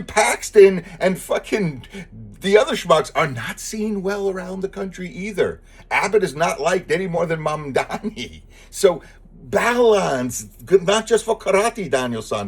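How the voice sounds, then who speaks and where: A man's voice: high-pitched, breathy edge. A man delivering a profane, sarcastic political rant as a commentator, exasperated and blunt. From lives in Texas. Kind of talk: ranting monologue.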